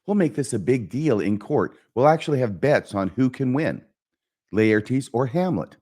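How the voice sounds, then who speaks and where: A man's voice: medium pitch, animated, moderate pace, mellow, slightly rough, pitched above the performer's own voice. A man reading a scheming king's verse lines aloud in a plain reading voice. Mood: persuasive. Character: scheming middle-aged male king, persuasive.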